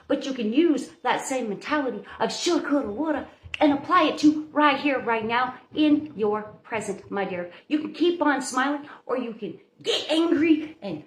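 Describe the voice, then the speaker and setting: A woman's voice: high-pitched, animated, moderate pace. A woman hosting a live baking stream, giving viewers a chatty, motherly pep talk in her home kitchen. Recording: roomy echo.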